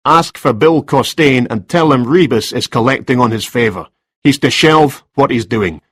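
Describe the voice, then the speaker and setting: A man's voice: mid-range voice, normal speed, husky, no echo, natural voice. A man reading a story, voicing a stern male police detective with firm, clipped lines, a little raised from his usual tone.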